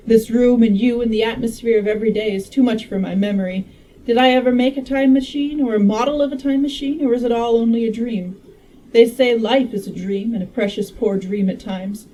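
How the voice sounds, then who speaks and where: An urgent Victorian inventor pressing his point, as a woman puts him on in a storybook reading. The voice is mellow and a touch high, set back from the mic with a faint hiss behind it. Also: brisk, hardly any pauses, distant mic, close to an everyday voice, poor audio. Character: agitated Victorian male inventor.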